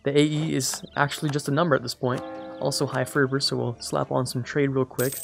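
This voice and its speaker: A man's voice: mid-range voice, level tone, a little fast, creaky, over music. A man giving casual, rambling commentary on a strategy game as a let's play host, correcting himself and joking as he goes. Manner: rambling, self-correcting, jokey asides.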